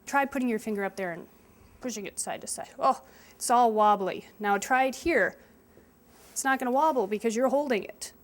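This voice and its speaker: A woman's voice: on the high side, fairly quick. A woman chef giving a hands-on cooking lesson to children, explaining each step patiently. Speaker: chef teaching kids.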